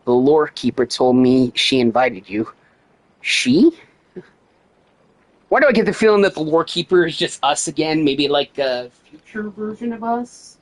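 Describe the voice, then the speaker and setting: A man's voice: on the high side, sing-song, unhurried, no echo, poor audio. A man livestreaming a video game, swearing and joking sarcastically as he reads the game's dialogue aloud in his own voice. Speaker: gaming livestreamer. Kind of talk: casual gameplay commentary.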